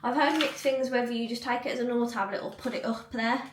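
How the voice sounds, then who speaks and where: A woman's voice: a little high, fairly even intonation, quick pace, roomy sound, distant mic, background noise. A young woman vlogging in casual chat at home, rambling, with lots of likes and ums. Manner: chatty, rambling, many fillers. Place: cluttered home room.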